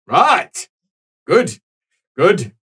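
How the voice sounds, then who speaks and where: A man voicing a gruff, short, hot-tempered old priest who bellows, swears and is quick to pick a fight. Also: sits high, wildly swooping pitch, bright, forceful tone, voice pushed up, exaggerated voice. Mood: blustering.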